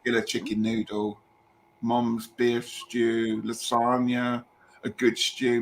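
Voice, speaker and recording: A man's voice: medium pitch, little pitch movement, a little slow, a little hiss or hum, low-quality recording. A British man from the UK hosting a live tarot stream, chatty and self-deprecating in casual conversation. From United Kingdom. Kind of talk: casual chat.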